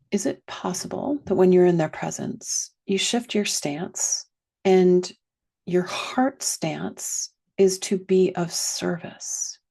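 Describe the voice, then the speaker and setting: A woman teaching a guided reflective lesson, slow and gentle, sometimes dropping to a soft whisper. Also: lowish voice, gravelly, husky. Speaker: wellness teacher.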